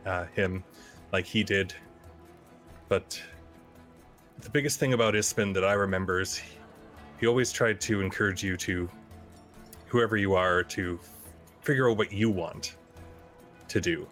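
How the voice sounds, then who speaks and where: Halting low-voiced male player. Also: fairly bright tone, faint music behind. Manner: halting, earnest, many fillers. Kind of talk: in-character eulogy in a tabletop game.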